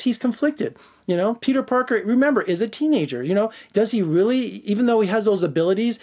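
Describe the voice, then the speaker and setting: A man's voice: high voice, darkish tone. A man giving an enthusiastic, rambling spoken film review, full of "you know" fillers and restarts. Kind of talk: spoiler-free movie review vlog.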